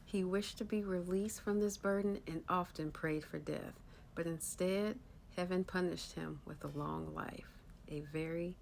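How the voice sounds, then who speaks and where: A woman telling a spooky folktale in a hushed voice that drops low and soft at the dark moments. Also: fairly even intonation, a little slow, vocal fry, a little hiss or hum, low-quality recording. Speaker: storyteller.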